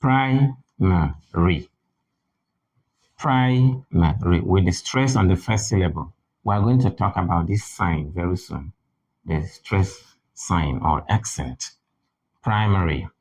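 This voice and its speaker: A man teaching English pronunciation, repeating example words slowly with exaggerated stress. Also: deep voice, darkish tone, a little hiss or hum, rough recording. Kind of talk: spoken phonetics lesson.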